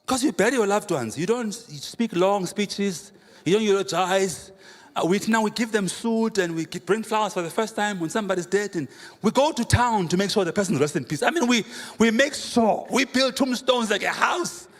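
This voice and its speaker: A man, a pastor preaching a sermon with humorous, animated storytelling and rhetorical questions. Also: sits high, normal speed. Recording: reverberant hall, faint room noise.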